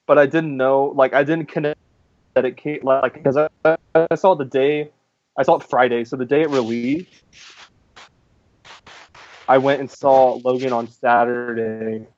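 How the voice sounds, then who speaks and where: A man's voice: mid-range voice, fairly even intonation, normal speed, pauses often, a little mellow, no room sound, muffled recording. A young man co-hosting a movie review, rambling casually with lots of filler words. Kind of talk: casual chat.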